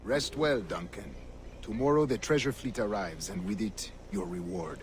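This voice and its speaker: An actor playing a scheming colonial governor in a video game, measured and smooth. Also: male voice, fairly low pitch, lively intonation, a little hiss or hum, lightly acted.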